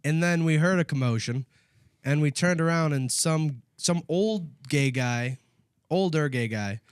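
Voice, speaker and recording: A man co-hosting a podcast, telling a story in casual chat, animated and profane, acting out what others said. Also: fairly high pitch, measured pace, smooth, dry recording, studio quality. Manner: animated, profane, acts out quoted voices. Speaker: podcast co-host.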